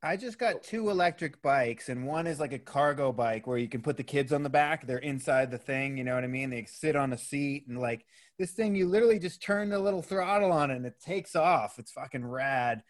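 A man's voice: mid-range voice, animated, a little fast, few pauses. A man in a casual podcast conversation, laid-back and chatty, swearing casually.

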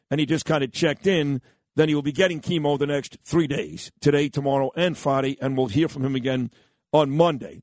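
A man's voice: a little high, dry recording. A man hosting a morning radio show, brash, rambling and self-mocking as he runs through the lineup. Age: 50s. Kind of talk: morning talk radio banter. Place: radio studio. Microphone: close studio mic.

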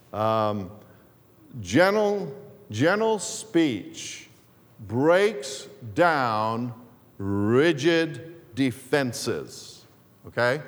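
A man preaching a sermon as pastor in a church, unhurried, repeating key phrases and asking the congregation questions. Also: mid-range voice. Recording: long reverb of a church hall.

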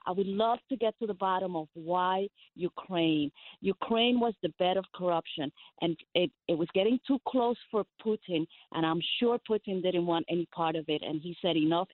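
Impassioned woman caller on a phone line. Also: mid-range voice. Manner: impassioned, insistent. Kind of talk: call-in radio conversation.

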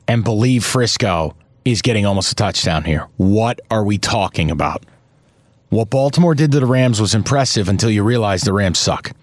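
A man co-hosting a sports betting chat, ranting with theatrical mock outrage and cursing, his voice jumping high when riled. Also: dry recording. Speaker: sports betting podcast co-host.

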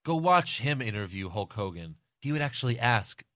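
A man co-hosting a casual podcast chat, animated and fond of mimicking people in loud put-on voices. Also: mid-range voice, normal speed, no room sound, studio quality. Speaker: podcast co-host.

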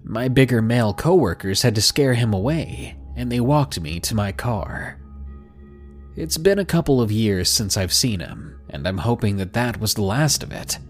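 A man's voice: lowish voice, animated, normal speed, faint music behind. A man reading out a submitted story as scripted narration, with a dry, sardonic manner.

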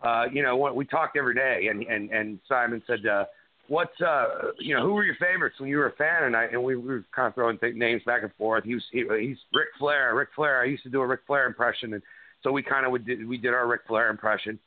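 A man's voice: mid-range voice, steady tone, fast talker, dry recording. Middle-aged guy rambling about his career, tinny phone sound, dry. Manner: rambling, many restarts and fillers. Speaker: wrestler guest. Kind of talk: casual interview chat.

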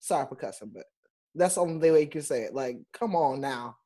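A Broadway performer, a man, talks in a casual chat. He tells his stories with energy and emphasis, his voice swinging high and low. His delivery is loose and lively. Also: a little fast. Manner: animated, emphatic storyteller.

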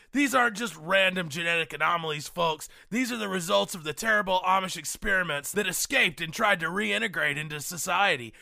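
A bellowing, paranoid radio conspiracy ranter, as a man puts him on for a comedy bit. The voice sits high and grinds with heavy gravel, bright and pushed forward, recorded close and dry. He hectors his listeners nonstop. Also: dry recording, exaggerated voice. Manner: frantic hectoring rant, keeps yelling "folks" and "wake up". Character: ranting paranoid middle-aged male conspiracy radio host. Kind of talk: comedy parody rant.

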